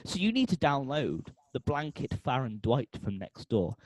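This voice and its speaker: A man co-hosting a podcast, pitching a made-up product in comic style and making beeping sound effects. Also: sing-song, normal speed, a little mellow, dry recording. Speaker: podcast co-host.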